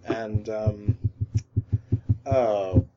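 A man co-hosting a casual comedy podcast, grumbling animatedly and jumping into loud mock voices. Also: fairly low pitch, steady tone, drawn-out words, crowd noise. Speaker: podcast co-host. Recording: dull lo-fi podcast audio.

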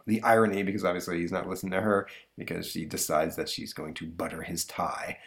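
A man's voice: low-pitched, steady tone, quick pace, gravelly, hardly any pauses. A man hosting a podcast, retelling a comic strip in rambling casual chat with fillers and chuckles. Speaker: podcast host.

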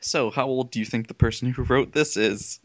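A man's voice: medium pitch, moderate pace, no echo. A man co-hosting a comedy reading, chiming in with wry sarcastic jokes in casual banter. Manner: wry sarcastic quips, jokey asides. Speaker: co-host.

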